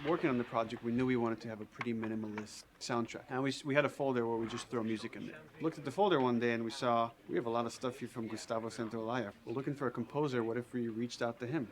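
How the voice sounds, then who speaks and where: A male game developer speaking to a live audience in a relaxed storytelling manner. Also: medium pitch, quick pace, hardly any pauses. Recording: loud crowd and noise, live event.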